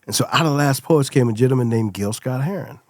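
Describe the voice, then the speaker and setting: A middle-aged man telling stories as a podcast guest, lively and acting out the people he quotes. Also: medium pitch, fast, dry recording, clean studio sound. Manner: animated storyteller, acts out quoted voices. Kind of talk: casual storytelling chat.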